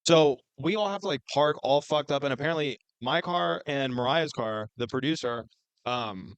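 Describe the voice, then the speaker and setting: A young man hosting a podcast, telling a story in an animated, profane rant. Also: medium pitch, normal speed, smooth, dry recording, lo-fi sound. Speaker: podcast host. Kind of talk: casual storytelling chat.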